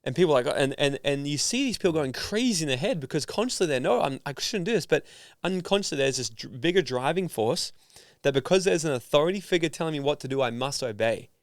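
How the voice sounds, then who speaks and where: Animated storytelling man, dry close sound. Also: fairly high pitch, quick pace, hardly any pauses, no room sound. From Australia. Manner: animated, acts out voices in his stories. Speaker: guest, personal development founder. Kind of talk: casual storytelling in an interview.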